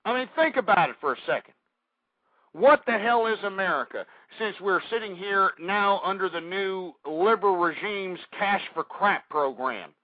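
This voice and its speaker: An older man hosting a political talk radio show, ranting and swinging up into furious shouting, peppered with "folks" and "I mean". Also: high-pitched, animated, normal speed, few pauses, no room sound. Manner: repeats "folks" and "I mean" constantly. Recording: tinny, dry phone-like line.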